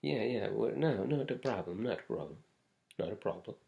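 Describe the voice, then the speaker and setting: A man's voice: on the low side, expressive, normal speed, gravelly, warm tone. A man putting on an Indian accent to voice a polite male restaurant worker taking an order over the phone, eagerly repeating himself. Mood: eager reassuring.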